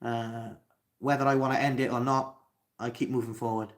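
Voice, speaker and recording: This is a young man from Cardiff in Wales running a live Q&A and reading viewers' chat messages. His medium-pitched voice is flat and at a normal speed, broken up by lots of ums and restarts.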